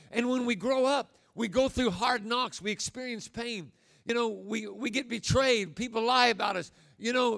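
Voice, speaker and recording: Gravelly high-voiced preacher in his sixties. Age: 60s. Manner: emphatic, folksy storytelling with sudden loud bursts. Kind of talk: sermon.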